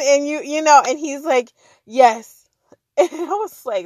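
Animated woman telling a story. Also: high voice, a little slow, dry recording. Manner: animated, acts out dialogue, laughs often. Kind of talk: casual storytelling.

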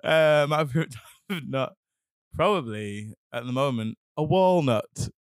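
A man's voice: mid-range voice, expressive, measured pace, clear, resonant tone, no room sound. Young male podcast host: playful, giggly, lots of ums; dry close sound, bouncy intonation. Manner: playful, laughs often, hesitant with ums. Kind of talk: casual chat.

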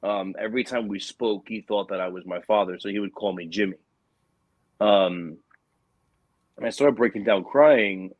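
Low-voiced man telling an earnest story. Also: moderate pace, long pauses, no echo, narrow, tinny audio. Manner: earnest, rambling, many restarts. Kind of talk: personal storytelling in casual conversation.

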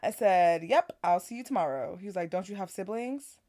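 This podcast co-host has a mid-range voice with a dark tone and a brisk delivery. In casual conversation, she tells stories by animatedly retelling text messages, laughing frequently.

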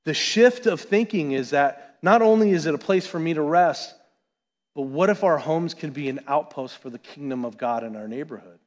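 Pastor, male, fairly high voice, chatty animated sermon, long church reverb. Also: moderate pace. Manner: conversational, animated preaching with asides. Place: church sanctuary.

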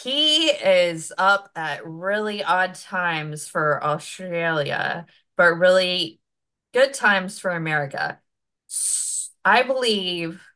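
Woman podcast host, upbeat and chatty, slow delivery, bright lowish voice. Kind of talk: casual podcast chat.

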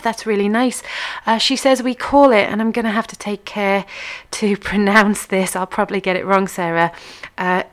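Woman host, casual live-show chatter, self-mocking about pronunciation. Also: mid-range voice. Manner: chatty, laughs at her own pronunciation.

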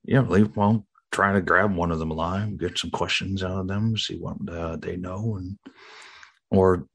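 A man's voice: sits low, fairly even intonation, measured pace, gravelly, fairly bright tone, slightly rough. A man playing a tabletop game, talking casually and agreeably about his moves. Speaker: player.

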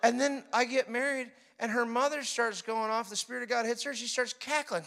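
Middle-aged man preaching, high-pitched and lively, acts out stories with funny impressions. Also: brisk, vocal fry, few pauses. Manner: animated storytelling, mimics laughter. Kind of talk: sermon.

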